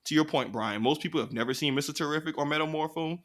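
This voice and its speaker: Animated, slangy male podcast co-host. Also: a little high. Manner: animated, slangy, quick riffs with put-on quotes. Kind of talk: casual chat.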